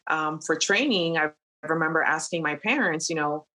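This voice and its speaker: A woman airline captain, a podcast guest, telling a personal story in a relaxed conversational way with many fillers. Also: low voice, moderate pace. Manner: animated retelling with frequent fillers and laughs.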